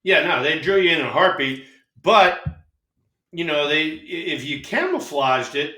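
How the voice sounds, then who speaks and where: An older man, a former baseball player co-hosting a casual storytelling chat, spins animated tales, acting out the dialogue and swearing freely. His voice is fairly high and his pace measured. He's off-mic in an echoey room, so he sounds distant.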